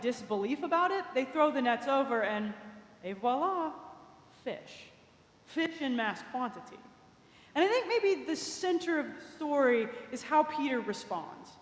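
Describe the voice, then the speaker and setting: Woman preacher in an echoing cathedral. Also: sits high. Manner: conversational, imaginative retelling with small asides. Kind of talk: storytelling sermon. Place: large cathedral. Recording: echoey cathedral with long reverb.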